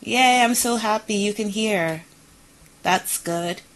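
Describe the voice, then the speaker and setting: Tinkering with her audio setup, a streamer talks slowly to her chat in a medium-pitched voice, going over the same things again with mild exasperation. The recording is rough.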